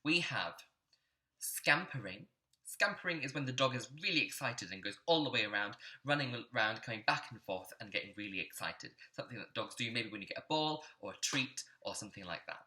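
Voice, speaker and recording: A man teaching an online music lesson in a clear, encouraging teacherly way, sometimes chanting rhythms aloud. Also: medium pitch, expressive, a little fast, bright, forceful tone.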